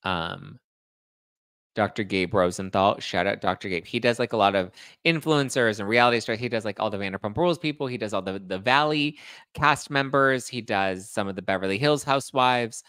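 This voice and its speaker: A young man with a lowish, slightly bright, smooth voice hosts a podcast livestream at a moderate pace, recorded dry. He chats casually and rambles, reading out viewer comments with a slight lisp. His manner is chatty and self-deprecating.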